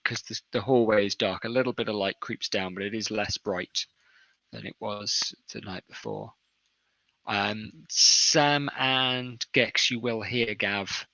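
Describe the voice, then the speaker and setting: A man narrating a tabletop game as game master, describing scenes in an unhurried way. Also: lowish voice, bright, forceful tone, no room sound, low-quality recording.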